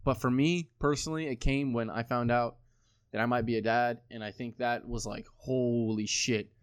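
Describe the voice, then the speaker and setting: A man's voice: medium pitch, fairly even intonation, fairly quick, clear, resonant tone, no room sound, clean studio sound. A man in his twenties talking casually, rambling with lots of swearing and filler words. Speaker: podcast co-host. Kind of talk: casual chat.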